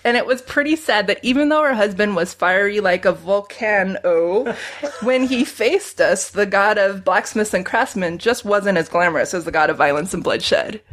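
A woman's voice: mid-range voice, animated, moderate pace, fairly bright tone. A woman reading her own pun-filled story of the gods aloud to friends and laughing at her own jokes. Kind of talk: casual chat, reading puns aloud.

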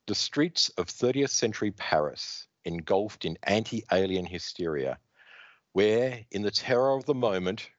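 A man hosting a casual comic book podcast, reading out credits and panels in an animated storytelling manner, with a dull, dry recording sound. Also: on the low side, measured pace, dry recording. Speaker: podcast host.

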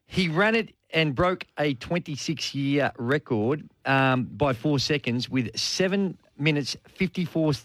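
Self-mocking Australian radio co-host. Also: male voice, on the high side, animated, measured pace, few pauses, fairly bright tone, no echo. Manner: laughing at himself, stumbling over words. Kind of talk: casual sports radio banter.

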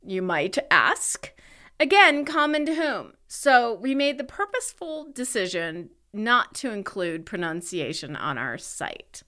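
A middle-aged woman from California co-hosting a podcast, reading her segments in a wry, brisk way. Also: mid-range voice, big pitch swings, bright, forceful tone. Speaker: podcast co-host. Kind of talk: scripted podcast chat.

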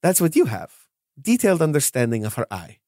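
A man's voice: a little high, fairly quick, no echo, studio quality, pitched above the performer's own voice. A man voicing a cheerful, otherworldly ghost woman who guides a group and teases them. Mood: teasing. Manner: breezy, teasing, lively.

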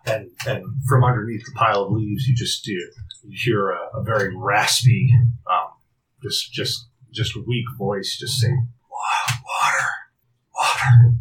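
A man narrating a tabletop role-playing game as game master, halting, with frequent restarts and fillers. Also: lowish voice, wildly swooping pitch, fairly bright tone, a little hiss or hum, rough recording.

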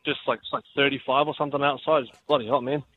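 A man's voice: mid-range voice, steady tone, racing. A man calling in to a radio show, laid-back and full of fillers, with an Australian accent and a slight New Zealand lilt. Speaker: caller. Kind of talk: phone-in chat. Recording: muffled phone line with faint noise.

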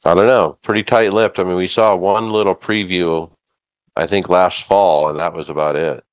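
A man co-hosting a podcast in casual chat, explaining things in a relaxed, measured way. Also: low voice, smooth, dry recording, highs cut off. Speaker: podcast co-host.

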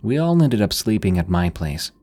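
A man reading a scripted horror story in a measured, suspenseful way. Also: on the low side, very animated, darkish tone.

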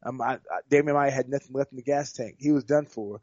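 A man's voice: mid-range voice, a little fast, a little mellow, no room sound, dull audio. A man, a fighter, breaking down a bout in casual sports chat, rambling and restarting his sentences often. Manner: rambling, repeats words and restarts. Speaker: fighter guest.

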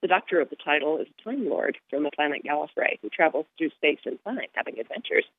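Quick, chatty woman novelist on a phone line. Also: low-pitched, expressive, husky, no echo. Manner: chatty, amused storytelling. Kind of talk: interview recollection and reading.

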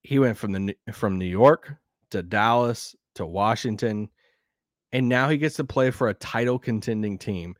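A man with a Southern accent hosting a sports podcast, rambling and animated, laughing now and then. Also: fairly low pitch, moderate pace, no echo, studio quality. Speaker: podcast host. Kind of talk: casual sports talk.

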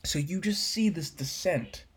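A man's voice: on the high side, lively intonation, measured pace, slightly rough. A man casually breaking down a film scene, rambling with fillers and swearing.

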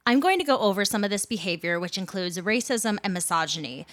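Host in her 30s, sarcastic rant, blunt, close dry mic, medium-pitched woman. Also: lively intonation, brisk, fairly bright tone, dry recording. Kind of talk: ranting commentary.

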